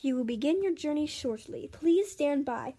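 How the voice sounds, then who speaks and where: A woman voicing a robotic virtual assistant aboard a plane, in slow, measured announcements. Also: high-pitched, lively intonation, dark tone. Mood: announcing.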